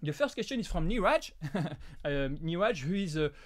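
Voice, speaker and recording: A man with a French accent, French as his first language, hosting a live prop-making Q&A in a halting way, with many restarts and fillers. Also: fairly high pitch, big pitch swings. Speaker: prop-making channel host. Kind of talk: live stream Q&A chat.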